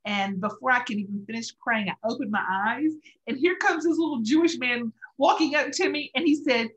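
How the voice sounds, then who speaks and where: Co-hosting a faith talk show, a middle-aged woman shares a personal story earnestly and emotionally, at moments laughing through tears. Her voice is fairly high, fairly quick and fairly bright, though the recording is muffled.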